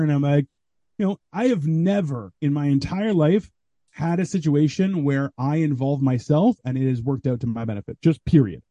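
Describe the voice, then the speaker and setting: Animated man with a dark voice. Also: on the high side, dry recording, highs cut off. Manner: animated storyteller, acts out quoted voices. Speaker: podcast guest, comedian. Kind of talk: casual chat.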